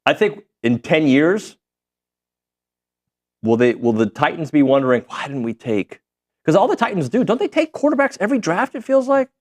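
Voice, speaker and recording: A man's voice: on the high side, expressive, moderate pace, a little mellow. A man hosting a sports talk show, chatting casually, steering segments and teasing his guest. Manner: conversational, leads segments and teases guest. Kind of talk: casual sports radio chat.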